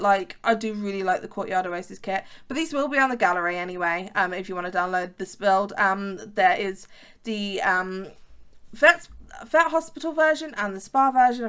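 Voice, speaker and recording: Bright, chatty young English woman. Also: mid-range voice, smooth. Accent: English, fairly posh southern-leaning. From West Midlands, England. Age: 20s. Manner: rambling, frequent ums and restarts, chatty asides. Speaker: gaming YouTuber. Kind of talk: casual chat over gameplay.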